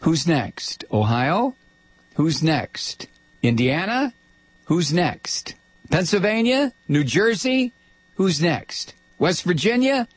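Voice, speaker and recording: A man hosting a political call-in radio show, angrily firing off repeated rhetorical questions and sometimes shouting. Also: a little high, very animated, slow pace, breathy edge, no room sound. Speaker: radio talk show host.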